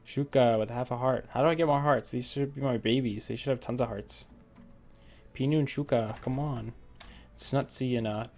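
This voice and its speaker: A young man doing casual gameplay commentary, rambling through personal stories with many fillers and frequent laughs. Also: medium pitch. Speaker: let's play gamer.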